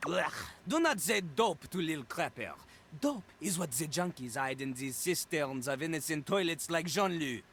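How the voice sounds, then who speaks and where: A man's voice: a little high, expressive, moderate pace, a bit bright, a little hiss or hum. An actor playing a boastful male toilet in a video game, talking about himself in the third person with a French accent. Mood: swaggering. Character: cocky male toilet who raps, pompous French-accented.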